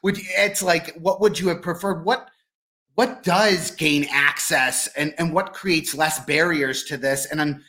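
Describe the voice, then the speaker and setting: A man with a slightly higher voice, musing and questioning in a relaxed podcast chat. He often trails off mid-thought and restarts. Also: unhurried. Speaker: podcast co-host. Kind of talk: casual chat.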